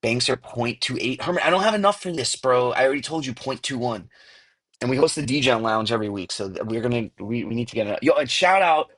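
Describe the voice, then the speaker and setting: A man's voice: mid-range voice, lively intonation, a little fast, fairly bright tone. A man hosting a casual livestream, rambling in slang and saying "bro" often, talking through earbuds. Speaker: livestream host. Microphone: earbuds mic.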